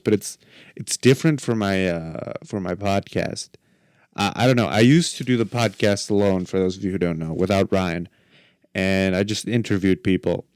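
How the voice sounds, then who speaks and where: A man's voice: sits low, a little mellow, dry recording, clean studio sound. A man in his twenties hosting a podcast solo, rambling casually with lots of fillers and jokes. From Mexico. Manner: rambling, filler-heavy, joking. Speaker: podcast host.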